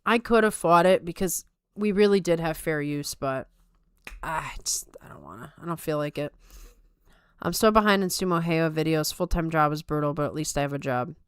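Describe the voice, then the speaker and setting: Smooth casual woman podcast host. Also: deep voice, normal speed, dry recording, studio quality. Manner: rambling, self-mocking, playful Valley Girl lilt. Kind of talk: casual chat.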